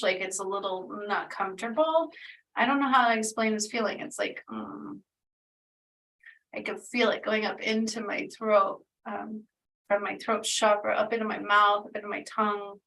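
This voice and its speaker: Woman healer, rambling and earnest, with fry in the voice and a distant mic. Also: mid-range voice, moderate pace, fairly bright tone. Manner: meandering, filler-heavy, earnest. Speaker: spiritual healer channeling energy. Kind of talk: casual spoken energy reading.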